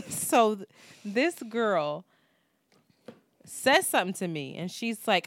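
A woman's voice: medium pitch, big pitch swings, takes it slowly, pauses often, no echo. A woman, co-hosting a podcast and telling a story in casual, profane talk, acting out what people said. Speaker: podcast co-host.

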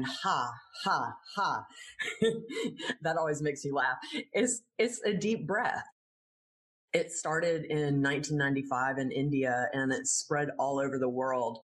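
Earnest woman yoga teacher explaining. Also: low-pitched. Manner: earnest, explains patiently, laughs easily. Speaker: laughter yoga teacher, interview guest. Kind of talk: explaining in an interview.

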